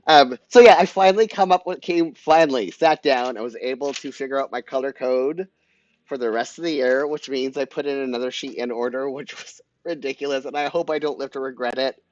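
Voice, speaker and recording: Canadian man, mid-pitched, giggly livestream chatter; slightly muffled, dry close-mic sound. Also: no echo. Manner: chatty, giggly, addresses viewers by name. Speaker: livestream host. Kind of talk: casual live planning chat.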